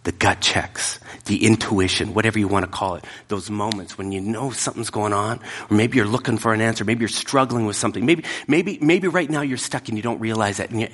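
A man preaching a sermon, emphatic, dropping often into hushed, whispered asides. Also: fairly low pitch, brisk, hardly any pauses. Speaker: pastor. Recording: long hall reverb.

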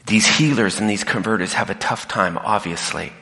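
Animated man in a reverberant hall. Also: lowish voice, moderate pace. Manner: animated, acts out quoted voices. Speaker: speaker. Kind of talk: talk to an audience.

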